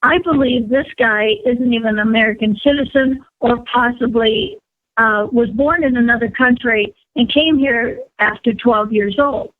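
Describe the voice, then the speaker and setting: Woman caller, fairly high voice, tinny phone line, blunt, opinionated. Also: normal speed, no room sound. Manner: blunt, opinionated, many fillers. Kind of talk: phone-in call.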